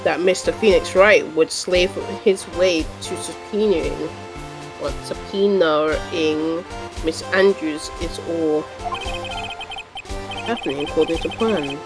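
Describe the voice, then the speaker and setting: A woman's voice: fairly low pitch, slow. A woman reading a smug, haughty male prosecutor aloud on a stream, with game music behind.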